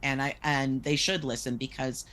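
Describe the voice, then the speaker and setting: A woman's voice: very deep voice, steady tone, normal speed, a bit bright. Woman, podcast guest, passionate, emphatic, exasperated. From Canada. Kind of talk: casual podcast conversation.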